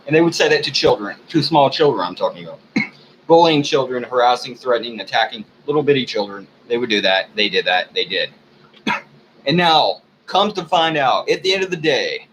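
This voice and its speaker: Man, American, angry, swearing, ranting monologue, throat clearing, middle pitch. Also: a bit bright, slight background noise, low-quality recording. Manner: heated and profane, frequent throat clearing. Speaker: video blogger. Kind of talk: angry unscripted rant.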